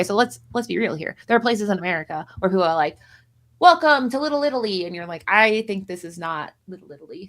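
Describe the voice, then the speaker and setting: With a voice on the low side and a bit bright, this female streamer co-host rambles through casual chat about a card game. She is self-deprecating, with a jokey edge.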